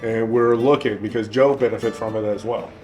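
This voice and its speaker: A man guest telling a casual personal story, halting and restarting. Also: on the low side, steady tone, a little mellow, faint music behind.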